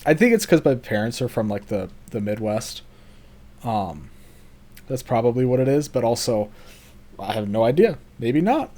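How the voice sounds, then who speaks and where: A man's voice: mid-range voice, sing-song, normal speed, dark tone. Laid-back man from Alabama, rambling. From Alabama, USA. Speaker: podcast co-host. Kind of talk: casual podcast chat.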